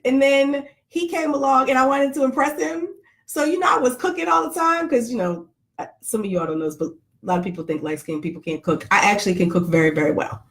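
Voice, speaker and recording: A middle-aged woman vlogger chatting casually to live viewers, joking and greeting them by name. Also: fairly high pitch.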